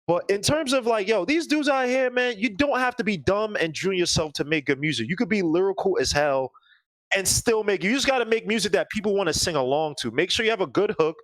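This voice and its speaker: An animated man co-hosting a casual album review, rambling as he talks. His voice sits high and swings widely in pitch. The recording is dry and close. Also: fairly quick, dry recording. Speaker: podcast co-host. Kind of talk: casual chat.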